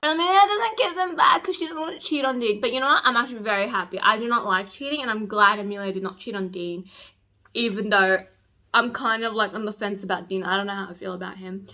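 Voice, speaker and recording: A young woman chatting casually as she recaps a novel, gushing and excitable, now and then breaking into loud squeals. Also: mid-range voice, fast talker. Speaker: book vlogger.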